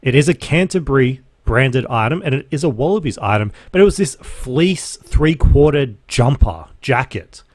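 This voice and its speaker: A man's voice: mid-range voice, normal speed, hardly any pauses, dry recording. Ranting young Australian man, dry room. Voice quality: animated, swears freely, sarcastic. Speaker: podcast host, reseller. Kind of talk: casual ranting monologue.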